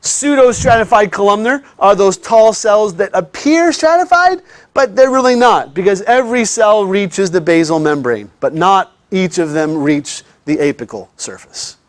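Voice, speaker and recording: Chatty high-voiced male lecturer. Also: lively intonation, normal speed, no room sound. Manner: chatty, checks in with students often. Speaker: teacher. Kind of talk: classroom lecture.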